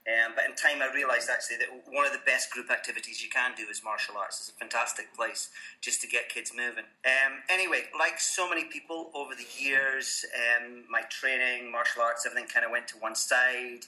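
A Scottish man talking as a guest on a podcast, easygoing and self-deprecating as he tells his story. His voice is very bright and sharp-edged, with an ordinary middle pitch. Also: steady tone, brisk, hardly any pauses, poor audio. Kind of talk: casual interview chat.

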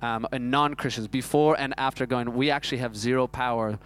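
A man, preaching a sermon that is built around a self-mocking personal story told in an animated way. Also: mid-range voice, brisk. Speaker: pastor.

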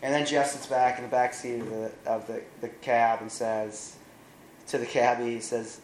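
A man preaching, retelling a film's plot in an animated way with wry asides. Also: medium pitch, moderate pace, echoey room, slight background noise, poor audio. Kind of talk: sermon storytelling.

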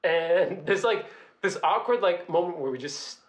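Guest storyteller, man, very animated delivery, acts out every quote. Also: sits high, measured pace. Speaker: podcast guest. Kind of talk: casual storytelling.

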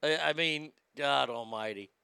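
A man's voice: mid-range voice, unhurried, gravelly, pushed and bright, smooth, no room sound. A middle-aged man hosting comedic commentary, mocking and sarcastic, laughing often and slipping into silly voices. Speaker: host.

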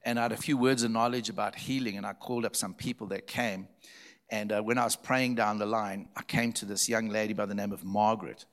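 A man's voice: fairly low pitch, fairly even intonation, brisk. A male pastor from Zimbabwe telling stories in a sermon, emphatic and repeating key phrases for effect. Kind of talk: storytelling sermon.

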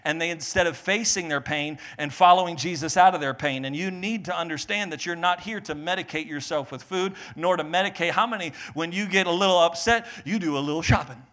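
A male pastor preaching a sermon, animated, acting out little quotes and joking with the congregation. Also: on the high side, brisk, few pauses.

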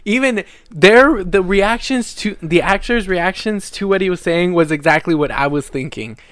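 A man chats casually as a podcast co-host. He is excitable and laughs a lot, and his voice is smooth and a little higher than most men's. The sound is close and dry. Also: normal speed, dry recording. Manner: excitable, swears freely, laughs often. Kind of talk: casual chat.

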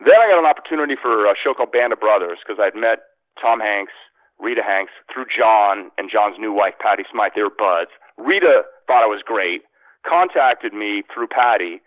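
A man's voice: lowish voice, expressive, normal speed, dry recording. A man spins a long, rambling story about his career, full of restarts and fillers. His voice reaches us over a narrow, tinny phone-like line. The sound is dry, with no room around it. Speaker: sports radio host, former actor. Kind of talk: casual storytelling interview.

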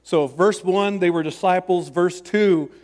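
A man's voice: high voice, unhurried, darkish tone, big-room sound. A man pastor preaching a sermon in a church, chatty and self-deprecating, with many restarts.

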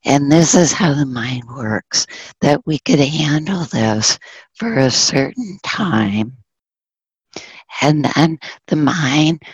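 A woman giving a dharma talk, gently telling a story and dropping into soft whispers. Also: low voice, husky, no echo, rough recording. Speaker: Buddhist dharma teacher.

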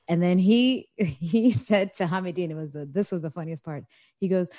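An American woman with a low, dark-toned voice recounts a party prank in relaxed conversation. The sound is dry and close, with no room around her. She laughs often and slips into the voices of the people in her story. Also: fairly quick, no room sound. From United States. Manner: animated, laughing, acts out quoted voices. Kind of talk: casual storytelling chat.

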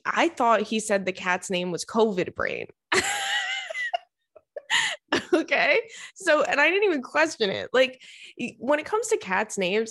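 A woman's voice: mid-range voice, a bit bright. A young woman casually telling funny stories to her viewers. She laughs often, swears freely and keeps calling her listeners "girl". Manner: chatty, says "girl" and "like" a lot. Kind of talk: casual storytelling to camera.

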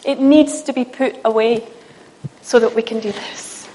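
A woman preaching a sermon to a church, lively and self-mocking, talking with the congregation in a loose, conversational way. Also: a little high, a little slow, heavy background noise. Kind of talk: humorous sermon with a live demonstration. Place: church meeting.

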